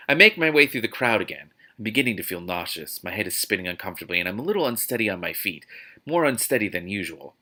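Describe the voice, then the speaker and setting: A man's voice: on the low side, lively intonation, fast, pushed and bright. A man reading a novel aloud with exasperated, sarcastic commentary. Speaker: host reading a book aloud.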